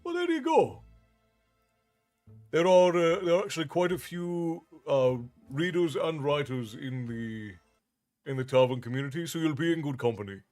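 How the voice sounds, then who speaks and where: Man, livestream story reader, dramatized delivery, animated pitch. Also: normal speed, soft background music. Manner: animated, theatrical.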